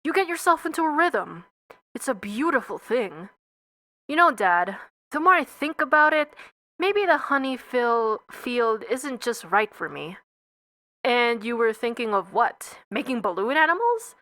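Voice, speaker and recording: A woman's voice: fairly high pitch, very animated, unhurried, sharp tone, no echo. A young woman giving a comedic reading of a whole film script, doing every part and the stage directions and stopping to comment on her own reading. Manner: reads all parts and stage directions, breaks off to comment and swear.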